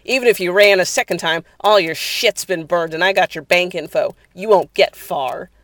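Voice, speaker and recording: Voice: medium pitch, moderate pace, fairly bright tone, no room sound, studio quality, close to an everyday voice. Narrator voicing a blunt, tough female boss. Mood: forceful. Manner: commanding, blunt.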